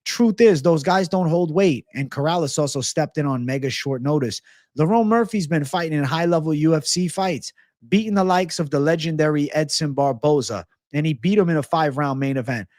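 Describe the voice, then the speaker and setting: A man's voice: on the high side, fairly quick, darkish tone, no echo, clean studio sound. Brash, cursing fight-betting streamer man. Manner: brash, profane, hyped. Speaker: MMA betting livestream host. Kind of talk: livestream fight predictions.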